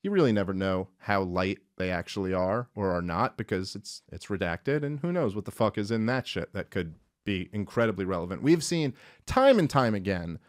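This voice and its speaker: A man hosting a talk show, casually retelling a story and commenting, swearing often and slipping into quick voices for the characters. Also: lowish voice, no room sound, studio quality. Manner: profane, animated, acts out characters in quick voices. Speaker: podcast host. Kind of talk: irreverent comedic retelling and commentary.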